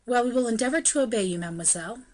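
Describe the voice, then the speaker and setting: A woman's voice: on the high side, expressive, very fast. A woman reading the part of a scheming, obliging young man with polite, wry speech. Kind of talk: audiobook character reading.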